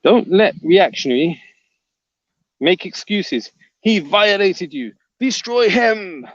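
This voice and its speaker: A man's voice: high-pitched, animated, slow, husky, no echo, muffled recording. A man hosting a livestream, reading viewer comments aloud and teasing the chatters. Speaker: livestream host reading chat. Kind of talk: casual livestream chat.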